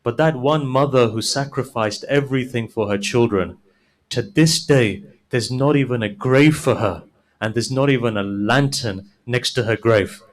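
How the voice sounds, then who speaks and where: Man, preacher, mourning sermon, storytelling with quoted dialogue, climbs to loud wailing grief, middle pitch. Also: moderate pace, rough recording. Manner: builds from soft storytelling to high, loud, wailing climax; quotes figures in dialogue while narrating. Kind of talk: Muharram sermon, mourning narration.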